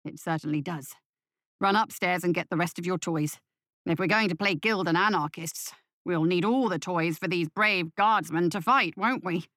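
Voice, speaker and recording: A woman's voice: on the low side, normal speed, fairly bright tone, no room sound, clean studio sound, pitched below the performer's own voice, lightly acted. A woman reading the part of a man who earnestly insists to his family that he is sober. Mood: gentle. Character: man, a remorseful father pleading his sobriety.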